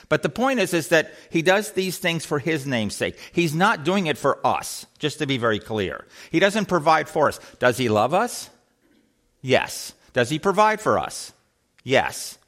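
Lively, questioning man teaching scripture. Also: fairly high pitch, normal speed. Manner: asks the group questions, repeats words, acts out quotes. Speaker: Bible teacher. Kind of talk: Bible study teaching.

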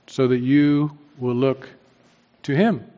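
A man preaching a sermon, swinging from quiet low lines to emphatic, rising peaks. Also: fairly even intonation, slow pace, narrow, tinny audio.

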